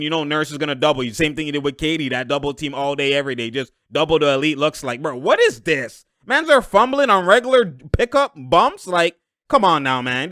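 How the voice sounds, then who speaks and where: A young man giving loud, slangy live reaction commentary on a basketball game, laughing often and breaking into sudden outbursts. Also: on the high side, no room sound, studio quality.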